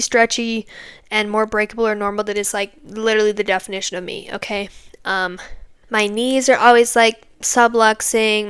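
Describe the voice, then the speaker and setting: A woman's voice: mid-range voice, a bit bright, clear, resonant tone. A young woman in her twenties hosting a podcast, telling a personal story in a rambling, chatty way with lots of fillers and tag questions. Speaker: podcast host.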